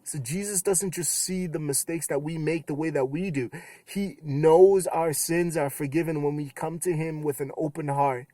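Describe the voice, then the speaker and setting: A young adult man giving a casual youth sermon, retelling scripture with animated quoted voices. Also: on the high side, normal speed, no echo. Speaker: youth pastor.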